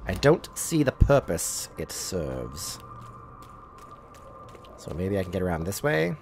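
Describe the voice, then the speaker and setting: A man streaming a game live, chatting casually and reacting loudly to what happens on screen. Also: deep voice, sing-song, slow, vocal fry, a little hiss or hum. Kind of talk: live gameplay commentary. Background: game music.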